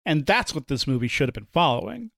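A man's voice: a little high, big pitch swings, fast, vocal fry, fairly bright tone, no echo. A man on a movie podcast, teasing in a dry way. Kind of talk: casual movie podcast chat.

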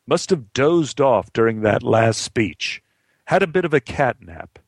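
A man's voice: medium pitch, big pitch swings, measured pace, creaky, dry recording, exaggerated voice. A man playing a grand, unbothered old stage actor. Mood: grandly breezy. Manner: grand, theatrical.

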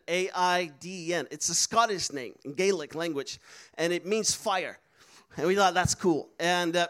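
A man's voice: sits high, a bit bright. A man preaching a sermon, telling a story with laughs and acting out the voices of people he quotes. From Netherlands.

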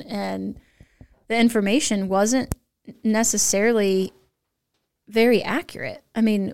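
A woman's voice: medium pitch, gravelly, a little mellow, smooth. A woman guest in a podcast interview, talking earnestly and emphatically about policy. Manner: earnest, emphatic, rising to stress points. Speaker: nurse guest, advocacy founder.

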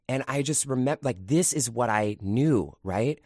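A man's voice: medium pitch, expressive, a little slow, darkish tone, dry recording, studio quality. A man hosting a podcast, telling a personal story in a candid, confiding, conversational way. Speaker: podcast host.

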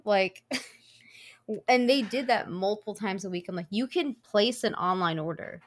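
A woman's voice: medium pitch, normal speed. Woman cohost venting in casual chat, says like a lot, laughs easy. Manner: chatty, laughs easily, lots of "like". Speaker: podcast co-host.

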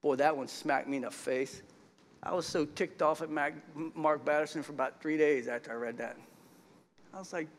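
A middle-aged man preaching a sermon in a folksy style, swinging from quiet asides to loud shouts. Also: on the high side, steady tone, normal speed, a little hiss or hum.

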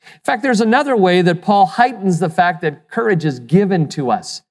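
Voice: medium pitch, lively intonation, normal speed, a little mellow, big-room sound. A pastor preaching a sermon with emphasis, asking the listeners rhetorical questions and sometimes repeating words as he restarts.

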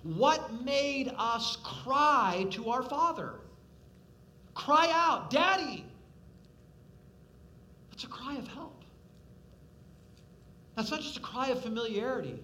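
A man preaching a sermon as a pastor, swinging from loud, pressing appeals to hushed, quiet questions and acting out the voices he quotes. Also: very high voice, sing-song, measured pace.

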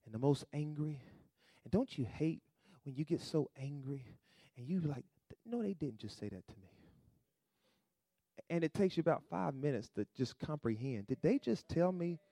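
A man's voice: normal speed, vocal fry, dry recording, studio quality. Man preaching with call-and-response. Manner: call-and-response preaching, rising to loud emphatic peaks then dropping low; acts out quoted voices in asides. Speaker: pastor. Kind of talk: sermon.

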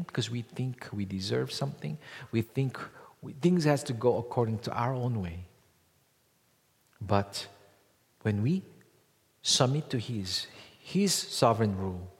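A male pastor preaches in a church, and his words ring out with a long hall reverb. He swings between loud, emphatic lines and quiet, low-voiced asides, and he keeps asking the congregation rhetorical questions. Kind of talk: sermon.

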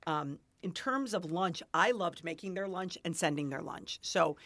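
A woman's voice: lowish voice, animated, moderate pace, a bit bright, no echo. A middle-aged woman hosting a podcast, chatting casually, asking questions and drifting into stories. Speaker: podcast host. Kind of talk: casual chat.

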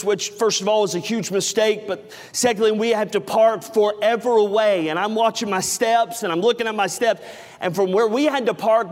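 A middle-aged man preaching a sermon, telling a self-mocking family story with acted-out dialogue before turning to scripture. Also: sits high. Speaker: pastor. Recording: reverberant hall.

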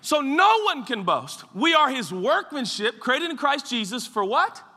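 A male pastor delivers a sermon in a very high, piercingly bright voice. He swings between shouted peaks and quiet, low asides. The sound rings with a long reverb from a large hall. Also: sing-song, measured pace. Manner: dynamic preaching, swings from shouts to hushed tones.

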